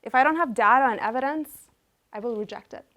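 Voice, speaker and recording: Chiropractor woman, 30s, personal storyteller with animated delivery and a somewhat high voice. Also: brisk, muffled recording. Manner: animated, acts out quotes.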